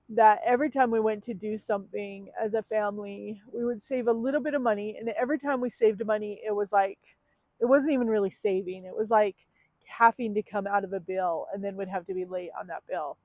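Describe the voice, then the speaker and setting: A woman's voice: mid-range voice, steady tone, moderate pace, no echo. Candid woman vlogger, tinny dry sound. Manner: candid and emotional, with frequent ums and likes. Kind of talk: personal confessional vlog.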